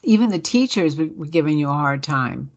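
A woman hosting a radio interview show, asking her guest questions in a measured, friendly way. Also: deep voice, expressive, darkish tone, lo-fi sound. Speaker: radio host.

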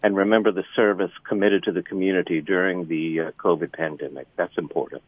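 A man calling in to a radio station by phone, earnest and grateful, halting with ums as he urges listeners to donate. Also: sits low, fairly even intonation, dry recording. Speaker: caller. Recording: tinny phone line.

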